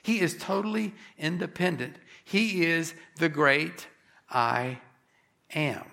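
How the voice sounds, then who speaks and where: A man preaching a sermon, emphatic, rising on key phrases and slowing down for effect. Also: a little high, vocal fry, pushed and bright. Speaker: pastor.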